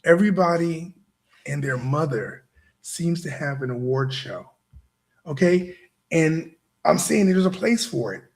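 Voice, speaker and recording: Emphatic higher-voiced male host. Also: lively intonation, a little slow. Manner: emphatic, repetitive, keeps asking "right?". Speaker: show host. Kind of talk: motivational monologue to a live audience.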